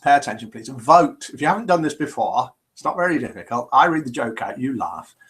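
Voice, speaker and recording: A man's voice: mid-range voice, big pitch swings, a little fast, fairly bright tone. A middle-aged man hosting a casual live chat show, reading out viewer comments and joking with them. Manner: chatty, jokey, reads out viewer comments and answers them.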